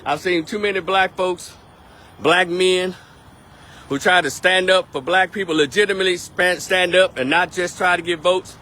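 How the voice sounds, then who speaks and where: Blunt, bright-voiced man. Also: sits high, steady tone, normal speed. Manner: blunt, emphatic, repetitive. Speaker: political commentator on a live stream. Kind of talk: opinionated live-stream monologue.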